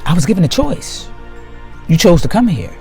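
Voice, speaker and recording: A man giving a slow, emphatic spiritual monologue to his viewers, repeating key phrases for weight. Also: high voice, big pitch swings, vocal fry, darkish tone, faint music behind. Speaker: spiritual video host.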